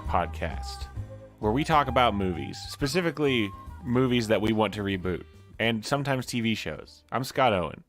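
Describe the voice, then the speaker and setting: A man's voice: on the low side, expressive, normal speed, a bit bright, soft background music. A man co-hosting a comedy podcast, chatting casually and joking with a laugh. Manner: jokey, laughs often. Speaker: podcast co-host.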